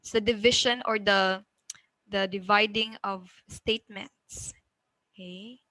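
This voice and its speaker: Bright-voiced Filipino woman teaching online. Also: medium pitch, fairly even intonation, measured pace, dry recording, low-quality recording. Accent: Filipino, Cebuano. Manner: frequent "okay?" checks, mixes English with Cebuano. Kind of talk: online class lecture.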